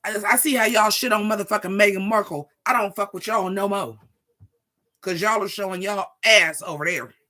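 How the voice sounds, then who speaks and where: Vlogger, 40s, sassy profane rant to camera, crisp bright tone. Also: mid-range voice, normal speed. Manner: profane, sassy, animated, talks straight to viewers.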